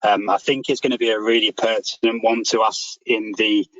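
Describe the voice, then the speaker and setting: A man chairing a meeting and thanking presenters over a video call, relaxed and halting with many ums. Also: on the low side, dry recording. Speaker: section chair hosting a meeting. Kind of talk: closing remarks on a video call. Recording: dull lo-fi call audio.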